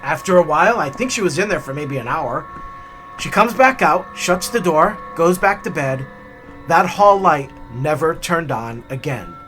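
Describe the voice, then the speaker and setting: Animated, bright-voiced storytelling man. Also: on the high side, normal speed, soft background music. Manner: animated, chatty, many fillers. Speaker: hiking vlogger. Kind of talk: storytelling narration.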